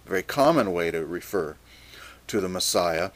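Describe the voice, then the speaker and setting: A man preaching a Bible teaching sermon, measured and deliberate, reading scripture passages aloud. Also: deep voice, lively intonation.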